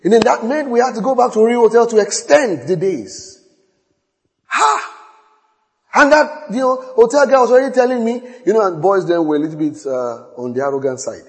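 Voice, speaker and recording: In a hall with long reverb, a middle-aged man delivers a sermon as pastor at a normal speed. His storytelling leans on repetition, jumping from sudden high, loud bursts to soft, hushed asides.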